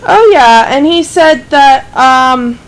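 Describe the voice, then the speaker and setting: Woman, high voice, chatty gossip, casual voice chat. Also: expressive, takes it slowly, poor audio. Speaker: voice chat participant.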